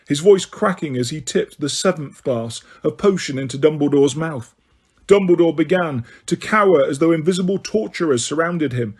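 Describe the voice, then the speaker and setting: A man narrating an audiobook in a steady, measured way. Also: on the high side.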